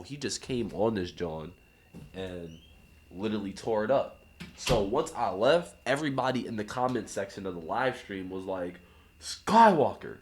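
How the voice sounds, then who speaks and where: A young man, a rapper guest on a podcast, telling a story in a relaxed casual way, laughing often and acting out other people's lines. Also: on the low side. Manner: laughs often, acts out voices in anecdotes.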